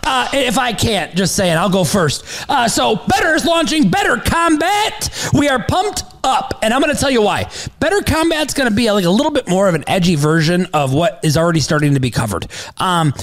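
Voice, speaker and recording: A man co-hosts a sports betting show in loose, profane chat. His voice sits high and jumps around a lot. He hypes every pick like it's a sure thing. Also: expressive, a little fast. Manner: brash, profane, hype-driven. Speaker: podcast co-host.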